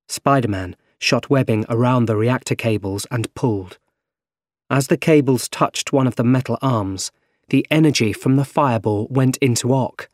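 A man reads a storybook aloud in a steady, even manner, with his voice sitting at a mid pitch. The recording is dry and close, with no room sound. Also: no room sound. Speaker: narrator. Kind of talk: scripted storybook narration.

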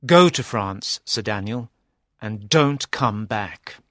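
A man's voice: mid-range voice, big pitch swings, a little slow, no room sound, studio quality, pitched above the performer's own voice. A man voicing an earnest young knight in a storybook reading, his voice slightly raised. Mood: stern.

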